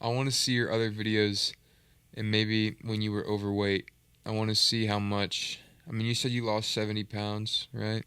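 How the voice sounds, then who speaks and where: A man's voice: lowish voice, level tone, moderate pace, a bit bright, smooth, no room sound. A man hosting a reaction video, commenting in an earnest, rambling, self-reflective way.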